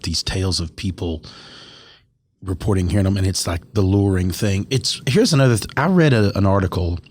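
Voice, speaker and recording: Low-voiced man telling an eerie story. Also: husky. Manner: animated retelling, acts out quoted lines. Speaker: podcast co-host. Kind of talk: casual storytelling chat.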